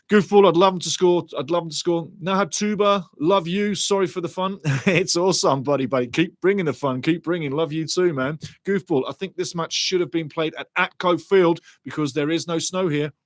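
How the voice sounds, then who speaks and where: An excitable man calls a match live and chats back at his viewers. His voice sits a little high, and he keeps looping his pet phrases. The sound is dry and close. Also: no echo. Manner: excitable, chatty, repeats catchphrases. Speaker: watch-along commentator. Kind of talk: live match commentary with chat reading.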